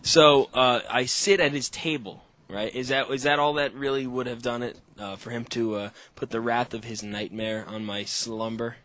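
A man's voice: medium pitch, fairly even intonation, moderate pace, hardly any pauses, a bit bright. A man hosting a podcast, chatting casually with a lot of swearing and laughter. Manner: profane, rambling, laughing often. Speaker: podcast host. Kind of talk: casual chat. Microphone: call-in setup with echo.

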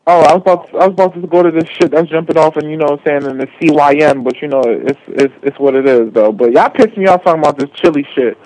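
A swaggering caller with a breathy, sleepy drawl and plenty of slang, as a man puts him on. His voice sits high and cocky, delivered close and dry like a radio call-in comedy bit. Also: fast, hardly any pauses, darkish tone, no room sound, close to an everyday voice, low-quality recording. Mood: indignant. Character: swaggering street-talking male caller, sleepy boastful.

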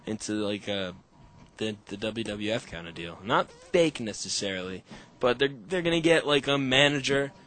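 A young man hosting a podcast on a call, telling animated, profane stories in casual chat. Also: fairly low pitch, normal speed. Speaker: podcast host.

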